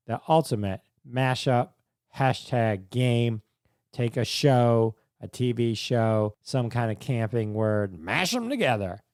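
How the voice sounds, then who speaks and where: A man's voice: darkish tone, no echo. Upbeat man hosting a dry-sounding podcast. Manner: upbeat, jokey, jumps high in pitch on exclamations. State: losing his voice a little. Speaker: podcast host. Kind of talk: casual podcast wrap-up and hashtag game segment.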